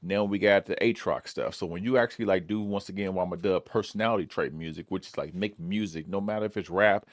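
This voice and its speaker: Give me a low-voiced, easygoing man chatting about a song he just heard, dry close mic. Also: fast, few pauses, no echo. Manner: laid-back, lots of "like" and "man". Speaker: music reaction host. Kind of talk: casual chat.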